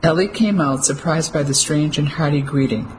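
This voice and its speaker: An audiobook narrator reading a novel in a measured, steady way. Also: medium pitch, slight background noise, poor audio. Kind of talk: scripted narration.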